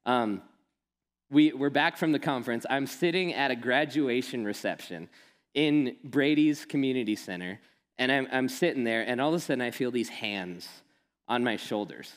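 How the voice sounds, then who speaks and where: A man's voice: medium pitch, normal speed. A man giving a sermon, telling stories and mixing in casual humor. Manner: storytelling, animated and laughing when quoting friend. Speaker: pastor. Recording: long hall reverb.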